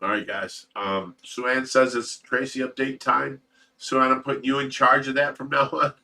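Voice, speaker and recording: A man's voice: mid-range voice, flat delivery, normal speed, bright, forceful tone, recorded from a distance. A man hosting a casual livestream, talking in an emotional, rambling way with repeated words and swearing. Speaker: host of a fish rescue livestream.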